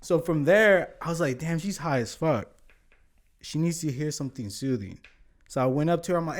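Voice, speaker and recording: This podcast guest is a man whose voice sits a little high, and he keeps a moderate pace. Telling a long, casual tale, he curses frequently and performs other people's lines with lively energy.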